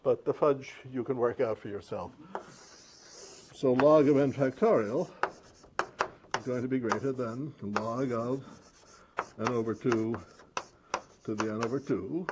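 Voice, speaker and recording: A man lectures on mathematics, explaining each step in a measured, methodical way. A steady hiss runs under the recording throughout. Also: medium pitch. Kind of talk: math lecture. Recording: noisy classroom recording.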